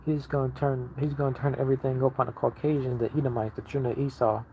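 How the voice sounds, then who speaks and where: A man's voice: medium pitch, flat delivery, fast, darkish tone, slight background noise, poor audio. A man giving a casual online sermon, preaching emphatically and repeating himself as he builds each point. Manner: repetitive, emphatic preaching with restarts. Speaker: lay preacher.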